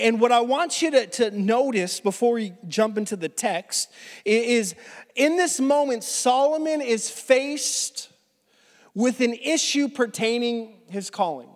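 Animated high-voiced male pastor. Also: long reverb tail. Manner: animated, casual, restarts phrases often. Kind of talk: conversational sermon storytelling. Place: church sanctuary.

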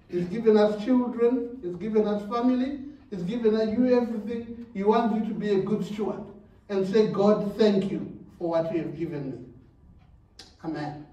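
A man's voice: sits high, normal speed, warm tone, highs cut off. A man preaching a sermon in a church, repeating words and laughing between phrases. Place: church hall. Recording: very echoey church hall, mic at a distance.

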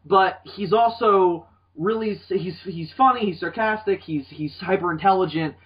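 Young man, podcast host, casual rambling chat, swears a lot, husky, muffled lo-fi sound. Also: high-pitched, moderate pace. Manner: rambling, animated, swears often. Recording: dull lo-fi podcast audio.

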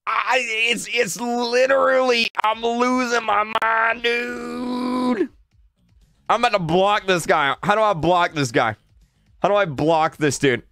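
A male livestreamer with a fairly high, smooth voice, heard close and dry with no room sound. He talks to his chat in an exasperated way, repeating lines and tripping over his words. Faint music plays behind him. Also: normal speed, bright, forceful tone, no echo. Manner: exasperated, repeats himself, stammers and laughs.

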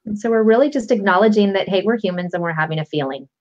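A woman guest coach calmly walking listeners through a tapping technique step by step, with a patient, explanatory manner. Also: mid-range voice, fast. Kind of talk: instructional explanation. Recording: lo-fi dull audio.

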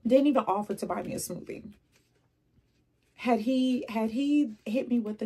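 A young adult woman vlogging casually, telling animated stories with laughs and asides. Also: fairly high pitch, normal speed, husky. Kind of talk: casual chatty vlog.

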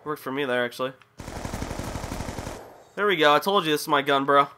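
A man's voice: fairly high pitch, a little fast, sharp tone, a little hiss or hum. A young man giving live gameplay commentary, frustrated, swearing and ranting at the game. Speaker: gaming commentator.

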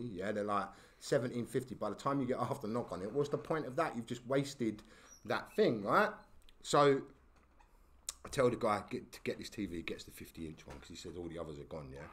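A man, a podcast guest telling stories in casual talk, animated and full of slang and tag questions. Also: lowish voice. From England. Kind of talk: casual storytelling.

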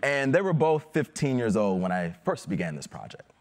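A photographer giving a conference talk about his project, measured and explanatory, with a few fillers. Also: mid-range voice, sing-song.

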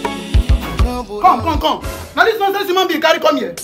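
A man's voice: extremely high pitch, very animated, moderate pace. A man with a Nigerian accent playing a mocking, combative friend at a party, sneering and confrontational. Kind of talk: comedy skit acting. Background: music.

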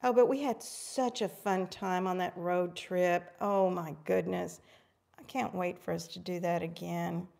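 A woman's voice: lowish voice, fairly even intonation, a little slow, creaky, darkish tone. A middle-aged woman hosting a live craft stream, bubbly and chatty, calling her viewers friends. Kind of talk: casual live craft demo chat.

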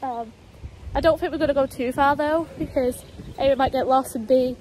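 Young woman vlogging on a country walk, high voice, bit breathless, faint outdoor noise behind. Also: normal speed. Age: 20s. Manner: chatty, breaks off to call her dog. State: out of breath from walking. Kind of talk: casual vlog chat.

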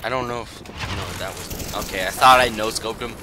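At his home computer, a young gaming YouTuber gives excitable, joking commentary on a shooter, yelping and laughing often. His lowish voice moves at normal speed, and game gunfire is audible behind him.

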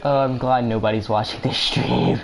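A man's voice: medium pitch, fairly even intonation, moderate pace. Young man chatting while gaming. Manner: loose, joking, talks to teammates while playing. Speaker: gamer streaming live. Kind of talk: casual live-stream chatter. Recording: clear background game noise.

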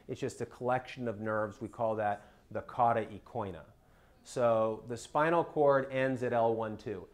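A spine surgeon, a man, giving an educational talk for patients, explaining step by step and often checking in with "okay?". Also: mid-range voice.

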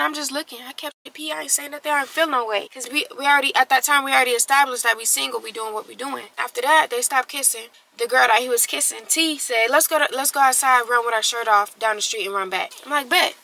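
Brief: young woman vlogger, bright higher voice, slangy animated storytime. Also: creaky, poor audio. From Texas. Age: young adult. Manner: animated, slangy, acts out quotes. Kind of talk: casual storytime.

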